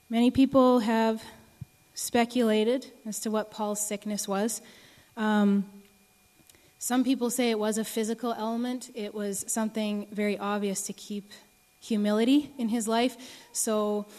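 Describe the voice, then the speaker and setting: A young woman in her early twenties giving an earnest sermon and testimony, speaking slowly with many ums. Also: mid-range voice, flat delivery, darkish tone. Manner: earnest, many ums, rises to emotional pleading. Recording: long reverb of a large hall.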